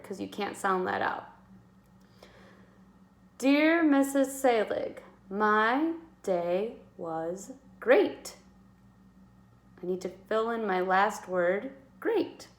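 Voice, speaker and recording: A woman teaching a kindergarten writing lesson, sounding out letters slowly and encouraging young children. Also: medium pitch, roomy sound.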